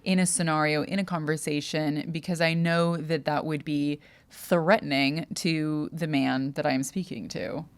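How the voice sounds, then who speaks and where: A young adult woman co-hosts a casual podcast chat. Her voice sits low with a gravelly, fry-tinged edge. She speaks in a thoughtful, halting way, trailing off and restarting her sentences as she works through ideas. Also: steady tone. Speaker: podcast co-host.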